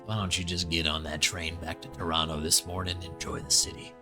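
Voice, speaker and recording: A man's voice: low-pitched, flat delivery, fairly quick, music in the background, voice pushed down. A man voicing game characters in a put-on southern drawl, drawling and mock-formal. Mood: scheming.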